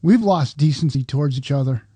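A male guest in a casual conversation, speaking thoughtfully and softly. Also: a little high, fairly quick, slightly rough, no echo.

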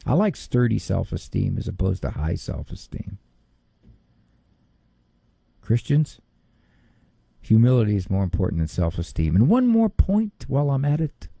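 A middle-aged man speaks with a gravelly, husky edge and a mellow, dark tone. His pitch swings widely as he talks, and he slips into higher voices to mimic other people. The sound is close and dry. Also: no echo. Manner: animated, quick to mimic others in a high voice. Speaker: psychologist. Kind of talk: talk on parenting and faith.

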